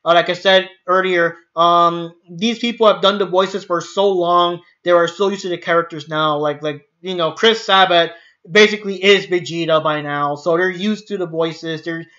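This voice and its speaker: A man hosting his own livestream in a high, bright voice. He rambles with restarts and casual swearing as he rants to his viewers. The desk mic sounds slightly dull and lo-fi. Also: steady tone, normal speed. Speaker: channel host.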